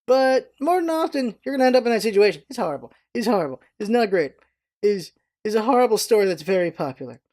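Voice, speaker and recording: A vlogger in their thirties rambles casually and at length, drifting from thought to thought, often restarting and jumping in pitch. The voice is expressive, fast, and a little mellow.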